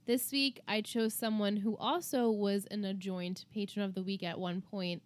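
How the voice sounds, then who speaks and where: A woman with a Long Island accent co-hosting a podcast in casual chat, talkative and quick to laugh at her own jokes. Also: mid-range voice, steady tone, clean tone, no echo, soft background music. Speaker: podcast co-host.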